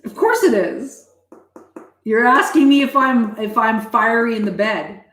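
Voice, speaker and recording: A woman chatting with viewers on a live stream, blunt and heavy on swearing, quick to switch tone. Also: on the high side, a bit bright. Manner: profane, blunt and fast-shifting. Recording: echoey room.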